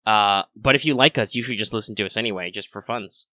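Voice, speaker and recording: A man's voice: on the low side, fast talker, sharp tone, no echo. A man co-hosting a casual podcast, rambling and joking at length with his friend. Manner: rambling, jokey, talks at length. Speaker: podcast co-host. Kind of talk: casual chat.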